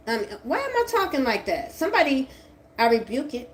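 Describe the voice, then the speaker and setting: Woman, tarot reader, cursing, swings from mutters to yelling, light background hiss. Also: very animated, a little fast. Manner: profane, confrontational, swings from low mutter to shouting. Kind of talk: angry tarot reading monologue.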